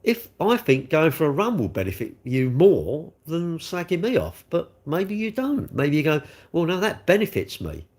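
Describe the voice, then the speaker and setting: A man's voice: fairly high pitch, big pitch swings, normal speed, few pauses, a little mellow. A middle-aged man, chatting loosely on a livestream and talking straight to his viewers. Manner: rambling, talks straight to viewers. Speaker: livestream host. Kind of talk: casual chat.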